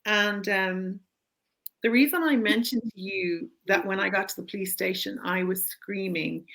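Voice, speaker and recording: A middle-aged woman, a guest in an interview, telling a personal story in a candid, animated way and acting out the voices of the people she quotes. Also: medium pitch, poor audio.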